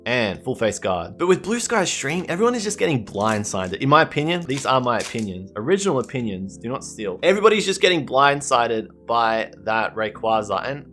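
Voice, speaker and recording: A man giving pack-opening commentary, gushing and excitable, repeating his catchphrases. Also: mid-range voice, brisk, few pauses, faint music behind. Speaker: card collector opening packs.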